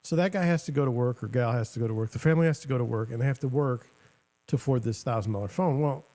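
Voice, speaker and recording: Middle-aged male host, gravelly, dark tone, rambling sarcastic commentary. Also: mid-range voice, fast talker. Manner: rambling, sarcastic, self-interrupting. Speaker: show host. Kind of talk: casual commentary.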